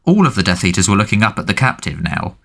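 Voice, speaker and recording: Expressive low-voiced male audiobook narrator. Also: fast talker, gravelly. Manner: expressive storytelling. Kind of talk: scripted narration.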